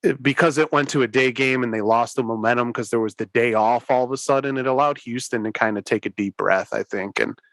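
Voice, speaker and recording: A young man hosting a sports podcast, talking in a loose, rambling way full of "like" and restarts. His voice sits at an ordinary pitch, and the recording is dry and close with no room sound. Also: brisk, few pauses, fairly bright tone, dry recording. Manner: rambling, many fillers and restarts. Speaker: podcast host. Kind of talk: casual chat.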